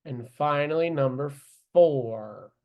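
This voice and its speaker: A man with a middle-pitched voice runs a live online livestock judging lesson. He talks in a loose, coaching way and thinks aloud as he goes. Plenty of small fillers and restarts dot his explanations. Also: slow pace, muffled recording.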